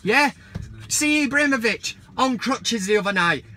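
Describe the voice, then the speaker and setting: A man's voice: very high-pitched, expressive, moderate pace, pushed and bright. A man hosting a football vlog, ranting heatedly and mockingly with plenty of swearing.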